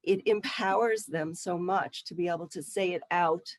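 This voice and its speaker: Calm lady running a workshop, explains things evenly, dry close sound. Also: lowish voice, normal speed, dry recording. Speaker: workshop facilitator. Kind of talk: teaching through role-play.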